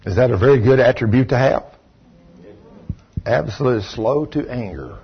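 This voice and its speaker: A man's voice: medium pitch, normal speed, breathy edge. An older man preaching a sermon, telling stories and acting out the voices in them. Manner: animated storytelling, acting out voices. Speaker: pastor. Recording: dull lo-fi recording.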